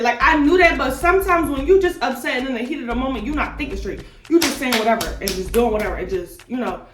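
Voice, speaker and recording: Young woman vlogger ranting a storytime, high voice, echoey room, kinda far from the mic. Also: fast, few pauses. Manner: animated, slangy and indignant, with repeated rhetorical questions. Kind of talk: storytime vlog. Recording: echoey room, mic at a distance, faint music.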